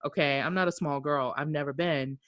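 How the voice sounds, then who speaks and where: A woman with a deep, low-pitched voice tells a long story as a podcast co-host. She talks casually and with energy, swears freely, and acts out what each person said. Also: brisk. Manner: animated, acts out quoted speech, swears freely.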